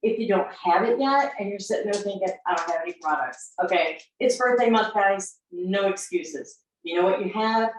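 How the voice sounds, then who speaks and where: Chatty woman in a very echoey room. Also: medium pitch. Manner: chatty, relaxed, with fillers. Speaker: sales team member presenting a tip. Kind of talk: casual live presentation. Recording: very echoey room, far from mic.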